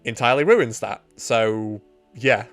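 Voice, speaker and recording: A man's voice: mid-range voice, lively intonation, measured pace, fairly bright tone, faint music behind. Man tossing in dry asides. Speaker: podcast co-host. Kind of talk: casual chat.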